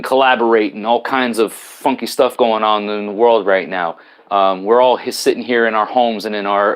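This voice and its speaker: Man, fairly low voice, live stream host, casual rambling, lots of ums and restarts, reading out viewer comments, laptop mic at home. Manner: rambling, with many fillers and restarts.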